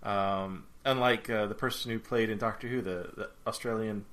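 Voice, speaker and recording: A man co-hosting a relaxed fan podcast, with a bright, forward tone. He thinks aloud, circles back on himself and pokes fun at his own attempts. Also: fairly low pitch, normal speed. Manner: rambling, thinks aloud, self-deprecating. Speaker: podcast co-host. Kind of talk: casual chat.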